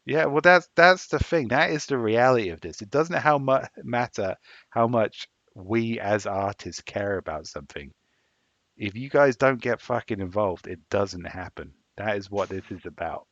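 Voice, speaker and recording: Profane English man, low voice. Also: expressive, normal speed, a bit bright, dry recording. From England. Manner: profane, emphatic rallying of listeners. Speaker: podcast co-host. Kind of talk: casual podcast chat. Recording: dull, dry lo-fi sound.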